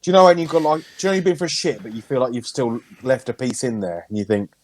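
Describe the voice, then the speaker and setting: A man's voice: mid-range voice, quick pace, darkish tone. A man co-hosting a podcast, bantering casually with crude, playful jokes. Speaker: podcast co-host.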